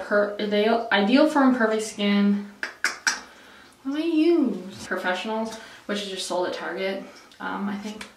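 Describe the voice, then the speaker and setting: Chatting to camera in a loose, rambling way, this young beauty vlogger fills her speech with "like" and "um" and cuts herself off mid-sentence. Her medium-pitched voice is off-mic and distant, with a roomy echo and slight hiss or hum.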